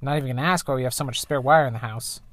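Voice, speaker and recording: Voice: medium pitch, rapid-fire, fairly bright tone, no room sound. A game streamer giving rambling, casual commentary while playing and reading the story aloud. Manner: chatty, rambling, self-correcting. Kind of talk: casual let's play commentary.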